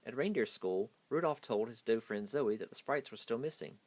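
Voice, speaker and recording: A man's voice: mid-range voice, expressive, moderate pace, hardly any pauses, darkish tone. A man hastily reading a children's picture book aloud. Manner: hasty reading. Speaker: storyteller.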